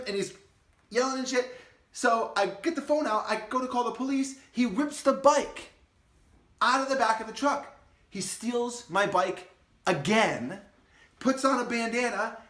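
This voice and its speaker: A young man with a slightly high voice tells a story in an animated, excitable way, swearing freely. The sound is roomy, with noticeable echo around him. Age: young adult. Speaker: vlogger and insurance agency owner. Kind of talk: casual storytelling to camera.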